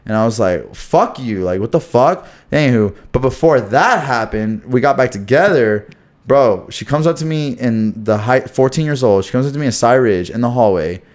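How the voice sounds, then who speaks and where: A man's voice: mid-range voice, normal speed. Slangy young man telling a story. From Houston, Texas. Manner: slangy, animated, says "bro" constantly. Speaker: podcast co-host. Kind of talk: casual storytelling chat.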